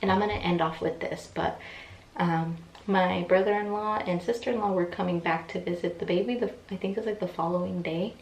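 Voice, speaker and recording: A woman's voice: lowish voice, steady tone, brisk, a little mellow, distant mic. A young woman telling a personal story in a casual, chatty way, with many fillers and acted-out quotes. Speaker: vlogger. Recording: echoey room, voice from off mic, faint ambience.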